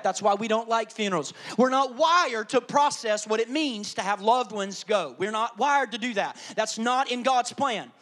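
A man pastor delivering an animated sermon, dropping to hushed asides and rising to loud emphasis. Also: very high voice, normal speed, few pauses.

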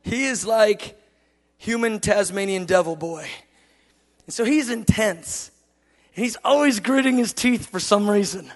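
High-voiced man preaching, impassioned then tender, long hall echo. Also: a little slow. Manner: impassioned, swings from loud declaring to soft tender storytelling. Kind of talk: sermon.

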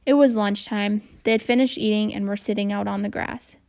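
A woman reading a children's novel aloud, steady and even in her storytelling. Her voice sits at an ordinary middle pitch with a noticeable gravelly fry. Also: fairly quick. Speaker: audiobook reader.

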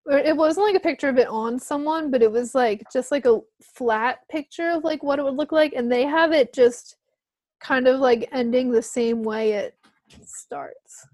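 Chatty high-voiced young woman. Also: normal speed, darkish tone, dry recording. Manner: chatty storyteller, many "like"s, laughs often. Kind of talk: casual chat.

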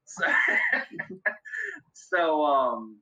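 Man, very bright voice, casual storytelling, muffled lo-fi sound. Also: high voice, huge pitch swings, very slow, vocal fry. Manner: laughs often, filler-heavy. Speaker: guest.

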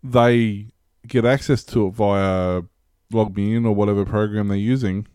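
A man's voice: lowish voice, steady tone, unhurried, dark tone, clear, resonant tone, dry recording, clean studio sound. A man in casual chat, explaining things in a loose, rambling way.

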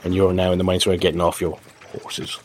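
A man narrating a tabletop game as game master, halting with many fillers and restarts. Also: low-pitched, completely flat delivery, slight background noise.

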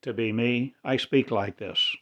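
A man's voice: medium pitch, huge pitch swings, unhurried, bright, forceful tone, slight background noise. A man delivering a rambling religious monologue in cryptic, incantatory, broken phrases. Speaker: self-styled religious speaker.

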